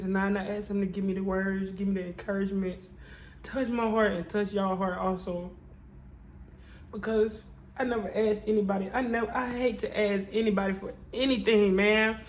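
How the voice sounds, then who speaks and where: A woman's voice: mid-range voice, steady tone, moderate pace, a little hiss or hum, poor audio. Tearful woman vlogger testifying. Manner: repetitive, prayerful, testifying. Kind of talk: emotional confessional vlog.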